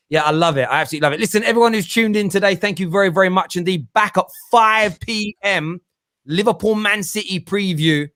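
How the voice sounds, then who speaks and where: A man's voice: high voice, fast, fairly bright tone. A young adult man with a Cockney accent hosting a casual football podcast, laughing often and repeating words. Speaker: host.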